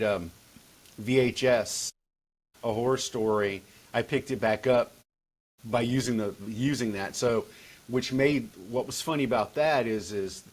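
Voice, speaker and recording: A man chats loosely about his writing as a podcast guest. He rambles, circles back and restarts his sentences often, at an everyday middle pitch. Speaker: guest author. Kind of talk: casual podcast chat.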